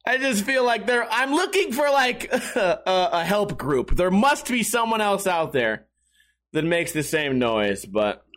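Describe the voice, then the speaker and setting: High lively rambling man. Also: measured pace. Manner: rambling, crude, self-mocking. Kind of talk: solo comedic monologue.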